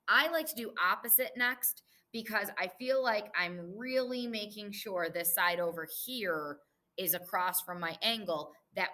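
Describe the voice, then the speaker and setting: Bright-voiced woman teaching a math review. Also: on the low side. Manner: patient, explaining step by step while writing on the board. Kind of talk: recorded math lesson review.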